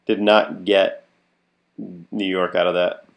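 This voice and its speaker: Male podcast co-host, very low gravelly voice, loose chatty delivery with laughs. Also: little pitch movement, slow. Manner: laughs often, trailing restarts. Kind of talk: casual movie discussion.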